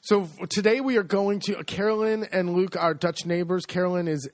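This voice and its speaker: A man's voice: high-pitched, fairly even intonation, moderate pace, no room sound. A middle-aged American man co-hosting a podcast in casual chat, joking in a dry, easygoing way. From United States. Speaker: podcast co-host.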